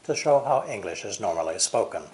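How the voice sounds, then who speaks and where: American male English teacher, low voice, lively melodic emphasis, deliberate delivery. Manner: slow, deliberate, exaggerated stress and intonation. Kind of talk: pronunciation lesson.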